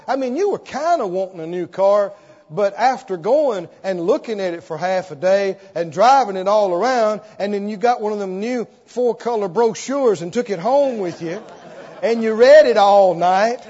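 A man preaching a sermon, telling an animated story and acting out the scenes as he goes. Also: high-pitched, normal speed. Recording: dull sound, long hall reverb.

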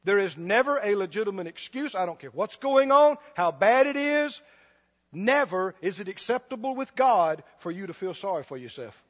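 A man's voice: high voice, expressive, normal speed, big-room sound, lo-fi sound. A man preaching a sermon, emphatic and repetitive, often laughing between points.

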